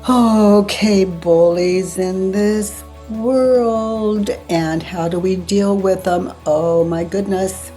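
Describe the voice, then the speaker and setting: Slow, dark-voiced older woman, half-whispering. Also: mid-range voice, steady tone, soft background music. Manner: soft-spoken, drifting into whispers, long pauses. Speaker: podcast host. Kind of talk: slow reflective spiritual talk.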